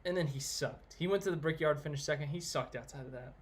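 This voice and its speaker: A man's voice: fairly high pitch, fast talker, breathy edge. A man chatting casually on a live stream, answering viewers and giving blunt opinions in a rambling way. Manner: rambling, opinionated, reads out chat names.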